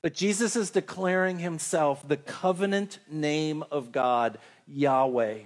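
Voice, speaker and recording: A man preaching a sermon, telling Bible stories in a conversational way and reading scripture slowly. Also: fairly high pitch.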